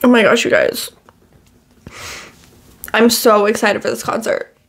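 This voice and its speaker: A woman's voice: fairly high pitch, flat delivery, a little slow. A young woman gushing and squealing as she reacts to music for her vlog, chatty and full of fillers.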